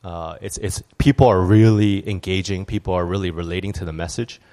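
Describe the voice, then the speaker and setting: Low-voiced man giving a candid sermon. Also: fairly even intonation, brisk, dark tone. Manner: candid, storytelling, with frequent restarts and asides. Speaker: church speaker. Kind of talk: conversational sermon.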